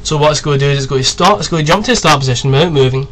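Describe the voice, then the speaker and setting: Brief: young man in his twenties, higher pitch, casual swearing tutorial host, faint background hiss. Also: racing, a bit bright. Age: 20s. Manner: chatty, rambling, swears freely. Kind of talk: casual screen-recorded tutorial.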